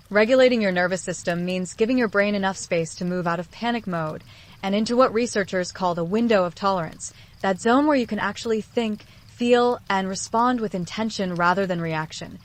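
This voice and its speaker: A woman with a mid-range voice narrates a scripted self-help piece on relationships. Her delivery is calm and earnest, and she speaks directly to the listener. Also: medium pitch, normal speed. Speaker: relationship psychology video host.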